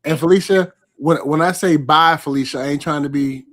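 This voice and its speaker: A man from California hosting a live online interview, chatting warmly and reading out viewer comments as he goes. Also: a little high, fairly quick. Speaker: host.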